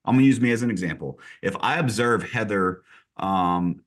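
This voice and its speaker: A man who leads a real estate team, telling stories in an energetic, direct and emphatic way during a podcast conversation. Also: on the low side, normal speed.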